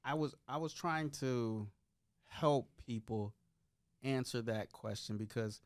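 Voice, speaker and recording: A man giving measured, reflective explanations in a casual podcast discussion. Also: medium pitch, clean tone.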